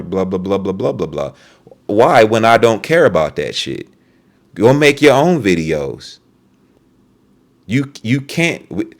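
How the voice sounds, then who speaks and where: A man recording a ranting commentary video, heated and profane, often repeating and restarting his words. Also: low-pitched. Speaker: online video creator.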